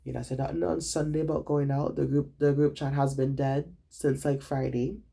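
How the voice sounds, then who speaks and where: A young man, a student, retelling his day in a casual vlog, animated and dramatic, swearing freely. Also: medium pitch, normal speed, vocal fry, slightly rough.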